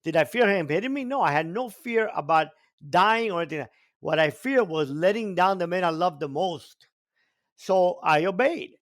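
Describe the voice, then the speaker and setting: An older man, originally from Cuba, sits as a podcast guest and tells his story at length. His voice sits high for a man, and he presses his points by repeating words for emphasis. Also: normal speed. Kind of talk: storytelling in an interview.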